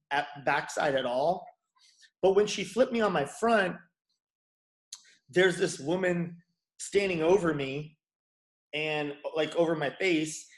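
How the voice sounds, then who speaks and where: A man's voice: a little high, a bit bright. Candid man in his forties, roomy echo. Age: 40s. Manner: frank, swears casually. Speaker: guest, chiropractor and bodyworker. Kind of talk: candid storytelling interview.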